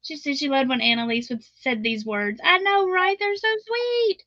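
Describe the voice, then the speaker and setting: A woman's voice: sits high, expressive, normal speed, sharp tone, no echo, highs cut off. A middle-aged woman with a Southern drawl, chatting casually as host of a live crochet stream, laughing often and reading viewer comments aloud.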